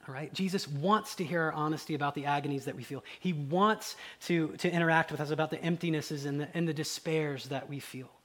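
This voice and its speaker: A man preaching a conversational sermon, dropping to quiet low asides and rising into loud, excited acted quotes. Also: a little fast, hardly any pauses. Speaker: pastor.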